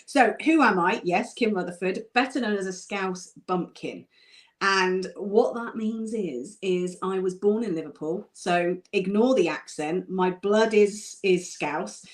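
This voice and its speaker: A woman's voice: medium pitch, unhurried. A woman who grew up in Somerset, a guest author in a casual interview, talking in an easygoing, self-deprecating way with small laughs. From Somerset, England.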